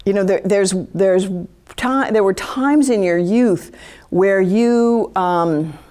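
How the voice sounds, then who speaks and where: A woman giving a live talk to an audience in a chatty, animated way, often acting out quoted thoughts. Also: medium pitch, takes it slowly, smooth. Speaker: speaker giving a talk on empathy.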